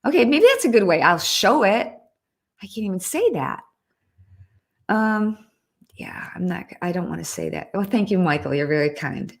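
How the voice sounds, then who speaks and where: A woman's voice: medium pitch, big pitch swings, normal speed, creaky. A woman hosting a casual livestream, chatting earnestly and reading out viewer comments, often breaking off and restarting. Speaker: livestream host.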